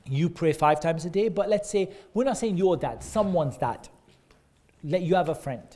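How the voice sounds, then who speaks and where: In this interactive children's lesson, a man with a mellow, slightly high voice keeps questioning the kids and warmly praises them while echoing their answers. His delivery is loose and encouraging, packed with everyday examples, with lively intonation at a normal speed.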